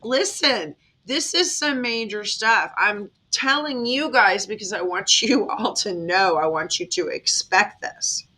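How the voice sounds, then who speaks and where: A woman runs a tarot reading for her viewers in a chatty, dramatic manner. Her voice is bright and a little sharp, and it sits at an everyday pitch. She laughs easily as she talks. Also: a little slow, hardly any pauses. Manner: animated, dramatic, laughs often. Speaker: tarot reader.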